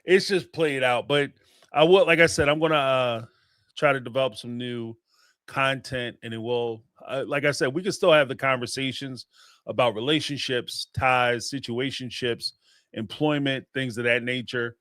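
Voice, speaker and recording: A man's voice: medium pitch, steady tone, moderate pace, a bit bright, no echo, studio quality. A man hosting a call-in show, giving blunt, emphatic opinions in casual chat.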